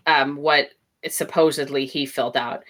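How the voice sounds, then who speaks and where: A woman's voice: very deep voice, fairly even intonation, normal speed, fairly bright tone. A woman co-hosting a casual book-recap chat, blunt and swearing freely as she sums up the plot.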